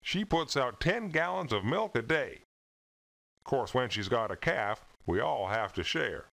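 A man's voice: medium pitch, expressive, unhurried, creaky, a bit bright. An actor voicing a plainspoken, friendly male farmer character in a children's computer game, with a homespun storytelling manner. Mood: folksy. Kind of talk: 1990s children's game voice acting.

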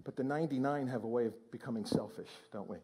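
A man's voice: mid-range voice, fast, dark tone, breathy edge. A male pastor preaching a sermon in church, exclaiming and prodding the congregation with questions.

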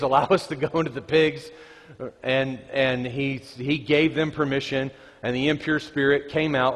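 A man preaching a conversational sermon, reading scripture aloud and joking with the congregation. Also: on the high side. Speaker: pastor. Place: church sanctuary. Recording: reverberant church hall.

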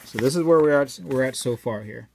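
A man's voice: medium pitch, a little fast, gravelly, a little mellow, slight background noise. A man chatting casually to viewers while weighing coins, rambling and joking as he goes. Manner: rambling, jokey, talks to viewers directly. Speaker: coin collector vlogger.

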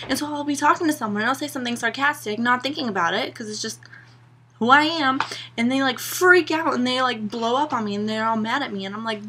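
A woman's voice: on the high side, sharp tone, slightly rough. A young woman vlogging to her camera, a sarcastic and exasperated rant full of "like" and "you know". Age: young adult.

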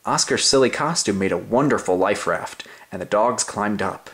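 A young man giving an overly silly storybook reading to kids, hamming up every sentence. His pitch rides up and down in a lively, sing-song way, with dramatic slow-downs for suspense. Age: young adult. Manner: playful, exaggerated, sing-song. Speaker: reader of a children's story.

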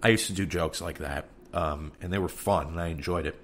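A man's voice: sits low, fairly quick, fairly bright tone, a little hiss or hum. A man from New York with a New York accent, hosting a podcast in a candid, rambling monologue and cursing freely. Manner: frank and rambling, with frequent cursing. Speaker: podcast host.

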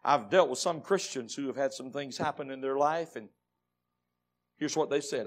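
A man with a Southern American accent preaching a dramatic Baptist sermon, dropping to low murmurs and rising to shouts. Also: normal speed. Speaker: pastor.

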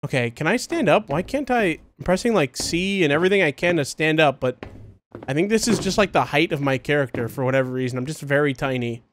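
A man hosting a horror game let's play, giving confused running commentary and bursting into excited yelps and laughter. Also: fairly high pitch, fast talker, slight background noise. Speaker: gaming video host.

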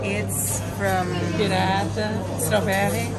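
A woman with a Portuguese accent, a native Portuguese speaker, chatting in slow, simple English at an ice cream shop. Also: mid-range voice, level tone, over loud music. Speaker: mother-in-law of the vlogger. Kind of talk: casual chat.

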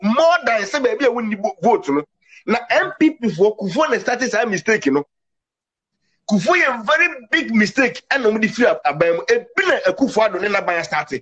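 A man's voice: sits high, sing-song, brisk, fairly bright tone, muffled recording. A man giving an impassioned political commentary, emphatic, with English words mixed into his talk.

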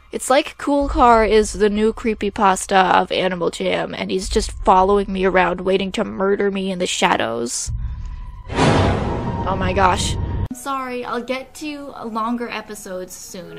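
A woman hosting a game video, talking through her gameplay in an excitable, jokey way with silly asides. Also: medium pitch, a little slow, vocal fry, no room sound, faint music behind. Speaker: gaming channel host. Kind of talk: playful gameplay commentary.

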